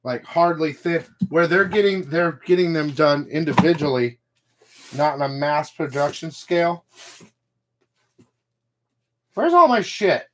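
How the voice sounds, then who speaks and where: A man's voice: fairly high pitch, fairly even intonation, normal speed. A man hosting a comic book channel, ranting casually to his viewers, blunt and profane, with rambling asides.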